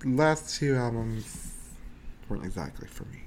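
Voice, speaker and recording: A man chatting casually on a podcast, excitable, swearing often and laughing a lot. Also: mid-range voice, a little slow, a little hiss or hum. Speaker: podcast co-host. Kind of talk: casual chat.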